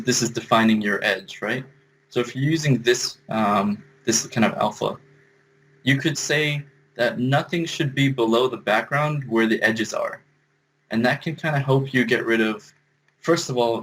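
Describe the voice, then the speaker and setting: A man's voice: on the low side, fairly bright tone, a little hiss or hum, poor audio. A man giving a casual screen-share compositing tutorial, thinking aloud as he explains each step. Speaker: compositing instructor.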